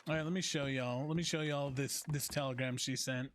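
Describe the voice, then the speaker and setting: A man's voice: mid-range voice, steady tone, a little fast, a bit bright, slight background noise. A man streaming a role-play game, chatting casually and teasing with frequent laughs. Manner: joking, teasing, laughs often.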